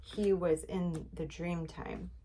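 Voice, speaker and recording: A woman's voice: fairly low pitch, fairly even intonation, slow, warm tone, a little hiss or hum. A woman running a casual spiritual card reading. She talks in a chatty, rambling way, full of fillers, and she is encouraging and repeats herself. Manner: encouraging, repetitive.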